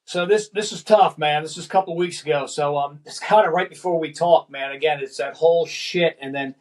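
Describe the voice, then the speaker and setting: A man's voice: on the high side, a little fast, darkish tone, rough recording. Rambling, profane middle-aged man. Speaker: guest, former firefighter lieutenant. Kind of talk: emotional personal storytelling.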